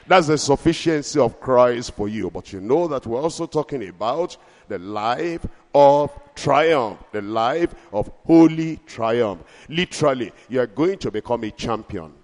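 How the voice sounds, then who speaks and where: Preaching man with a rhythmic refrain. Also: a little high. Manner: rhythmic, repeating refrains, slows down to stress key lines. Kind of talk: sermon. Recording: long hall reverb.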